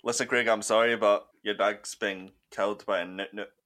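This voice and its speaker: A man's voice: lowish voice, steady tone, normal speed, sharp tone, pitched below the performer's own voice. A man doing a put-on Scottish accent as a caring uncle breaking sad news, in a consoling, rambling, mock-serious way.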